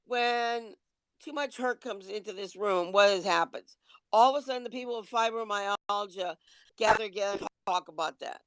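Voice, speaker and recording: Woman livestream host, blunt and preachy, smooth clear voice, dry close sound. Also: mid-range voice, normal speed, a bit bright, no echo. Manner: blunt, lecturing, swears casually. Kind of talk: livestream rant.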